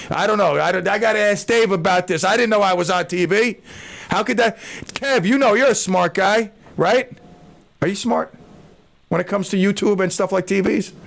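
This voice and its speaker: Excitable rambling radio host, high gravelly voice. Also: male voice. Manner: rambling, excitable, shouts out hails. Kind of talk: casual radio chat. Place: radio studio. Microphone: studio microphone.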